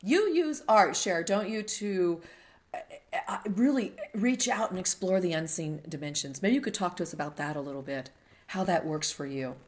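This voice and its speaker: A middle-aged woman hosting an interview, telling a story in a casual, animated way and acting out the voices she quotes. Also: fairly low pitch, moderate pace. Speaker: host.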